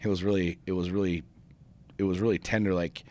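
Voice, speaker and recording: Deep-voiced man telling a story emphatically. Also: steady tone, fairly quick, a little mellow. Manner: emphatic, profane, frequent restarts. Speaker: podcast co-host. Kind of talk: casual storytelling chat.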